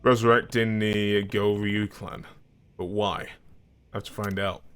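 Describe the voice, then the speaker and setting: A man voicing a stoic male ex-yakuza hero, pushing his voice low until it cracks, with terse, flat delivery. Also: measured pace, clear, resonant tone. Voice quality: forced low voice, cracking at times.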